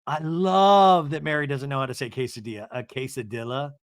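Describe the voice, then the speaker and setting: A man hosting a podcast, recapping a reality show in an animated, sarcastic way and swearing freely. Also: fairly high pitch, a little fast, no echo, clean studio sound. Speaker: podcast host.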